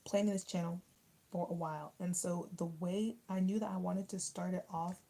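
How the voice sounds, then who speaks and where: A woman's voice: lowish voice, steady tone, normal speed, mellow, low-quality recording. A young woman in casual livestream chat, rambling with lots of fillers as she answers comments while eating. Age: young adult. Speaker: YouTuber reading live chat.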